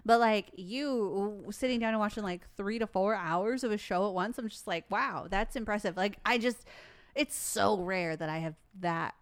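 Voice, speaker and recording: A woman's voice: mid-range voice, normal speed, clear, resonant tone. A young woman co-hosting a podcast in casual chat, bubbly and playful, laughing often. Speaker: podcast co-host.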